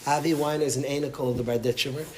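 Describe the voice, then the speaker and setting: A man's voice: mid-range voice, fairly even intonation, rapid-fire, darkish tone, a little hiss or hum. A man, a rabbi, giving an impassioned lesson to his yeshiva students and repeating phrases for emphasis. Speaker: rabbi teaching a yeshiva class. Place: yeshiva study hall.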